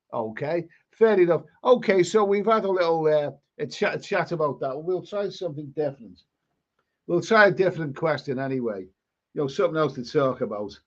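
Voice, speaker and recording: A man with a fairly high voice hosts a casual live stream, reading out viewer comments. He rambles, doubling up words and restarting sentences as he goes. The sound is dull and lo-fi.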